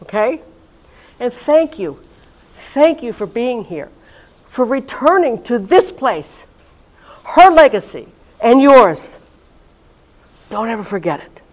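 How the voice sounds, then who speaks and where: A woman, a religious sister, leading a reunion session in a chatty, lively way and talking straight to her audience. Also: fairly high pitch, slow, pauses often, rough recording. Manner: chatty and lively, talks directly to listeners. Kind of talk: informal talk to a live audience. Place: college event room.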